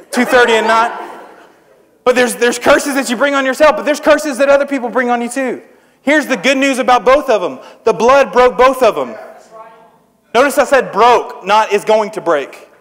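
Young guy preaching, jokey and chatty, kinda high voice, big echoey hall. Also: fairly bright tone. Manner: joking, self-deprecating, conversational. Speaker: traveling preacher. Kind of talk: youth sermon with storytelling. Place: church service with audience. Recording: long hall reverb.

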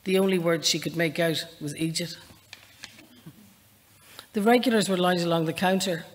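A woman with an Irish accent tinged with northern tones, an author chatting in a self-deprecating way and then reading from her novel in a measured voice at a live library event. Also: on the low side. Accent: Irish, with a northern lilt. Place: public library event space, indoors. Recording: live reading with long hall reverb.

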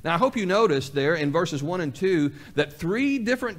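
Lively-pitched preacher man. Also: brisk. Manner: folksy, repeats key phrases for emphasis; acts out both sides of imagined dialogues. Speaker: pastor. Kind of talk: sermon. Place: church sanctuary.

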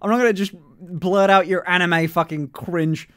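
A man's voice: sits high, fairly even intonation, normal speed, a bit bright, no echo, studio quality. A young man streaming live in casual chat, swearing freely, laughing often and testing out voices. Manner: swears freely, laughs a lot, playful voice experiments.

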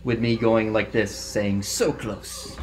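A man with a fairly low voice keeps up a joking, teasing commentary as his friend plays. A faint hiss sits under the recording. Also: flat delivery, slow, darkish tone. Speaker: gaming co-host. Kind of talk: casual let's-play banter.

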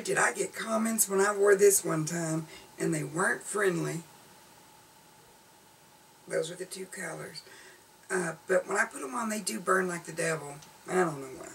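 A woman's voice: medium pitch, gravelly. A middle-aged woman with a Southern US accent, reviewing makeup in a blunt, chatty way at home. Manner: chatty, blunt, laughing asides. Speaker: beauty vlogger. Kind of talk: casual product review. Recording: slightly distant camera audio with faint room noise.

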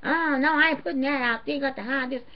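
A loud, brassy older store worker with a Southern US country drawl, as a woman puts her on, high and booming as she gloats over the goods she is stashing away. The sound is dull and lo-fi. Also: steady tone, quick pace, natural voice. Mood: gloating. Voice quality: loud, brash.

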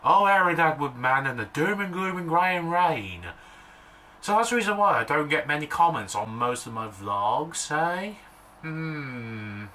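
A man vlogging in a casual, rambling way, talking straight to the camera and getting worked up as he walks outdoors near trees. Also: on the high side. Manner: rambling, excitable, talks to the camera. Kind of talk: casual vlog chat. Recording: loud outdoor noise behind.

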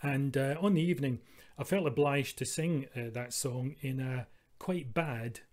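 A Scottish man introducing his next number in a folk set. His patter is dry and wry, full of deadpan asides and a storyteller's timing. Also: mid-range voice, measured pace. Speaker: folk singer. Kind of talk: comic patter between songs.

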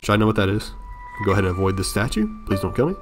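Young male streamer, lowish voice, excitable and cursing, loud game music under him. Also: very fast. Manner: excitable and profane, talking to chat. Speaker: gaming streamer. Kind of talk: live-stream gameplay commentary.

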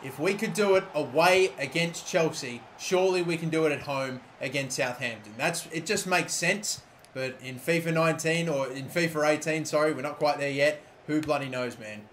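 Young aussie guy commentating his football game, kinda high voice, gets loud and swears a lot, faint hum behind. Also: normal speed. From Australia. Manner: excitable, swears, shouts at the game. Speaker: gaming YouTuber. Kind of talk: live gameplay commentary.

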